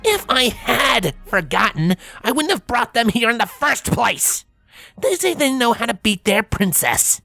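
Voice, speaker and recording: A man voicing a gruff, tough young female griffin rebel who talks curtly and snappily. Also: extremely high pitch, very animated, measured pace, bright, forceful tone, no echo, soft background music, voice pushed up, exaggerated voice. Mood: irritated. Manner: curt and snappy.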